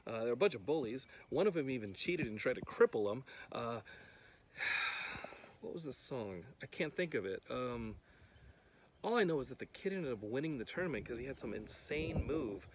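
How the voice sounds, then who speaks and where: A man's voice: mid-range voice, big pitch swings, moderate pace, slight background noise. A man recording a casual, comedic video clue, rambling and sounding puzzled. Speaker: podcast host giving a video clue.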